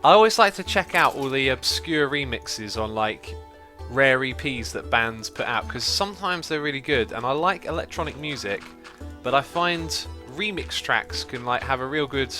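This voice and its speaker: A man hosts a relaxed gameplay livestream, talking casually and reading out viewer messages. His voice is bright and forward at an everyday middle pitch. Soft music plays faintly underneath. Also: moderate pace, hardly any pauses. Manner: chatty, reads out viewer donations and messages. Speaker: livestream host.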